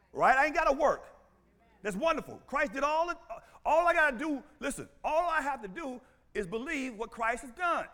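A man preaching a sermon as pastor, animated and playful, calling out to the congregation and bursting into shouts. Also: very high voice. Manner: playful, teasing, laughs often.

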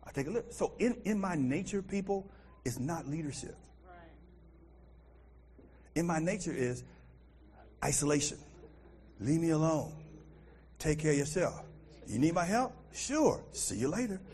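A middle-aged American man preaching a sermon as pastor, animated, swinging from loud outbursts to quiet asides. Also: a little high, normal speed, long pauses. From United States.

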